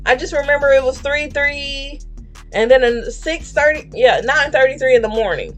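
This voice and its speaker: A woman streamer casually telling a dream story, animated and laughing as she acts out the people in it. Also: high-pitched, normal speed, soft background music.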